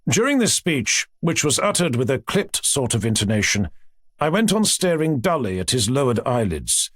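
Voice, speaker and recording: A male audiobook narrator gives an expressive scripted reading at a moderate pace in a medium-pitched voice. The recording is dry, with clean studio sound.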